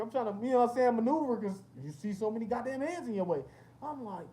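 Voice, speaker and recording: Animated young man telling stories. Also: high-pitched, fast, a little hiss or hum. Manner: animated storytelling with lots of slang and cursing. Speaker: rapper hosting a livestream. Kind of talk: casual livestream chat reading comments.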